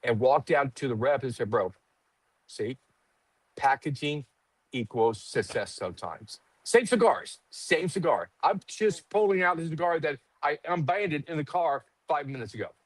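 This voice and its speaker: A man's voice: on the high side, animated, moderate pace, hardly any pauses, no room sound, low-quality recording. A middle-aged man in casual podcast chat, telling stories animatedly, acting out quotes and swearing freely. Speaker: cigar company guest.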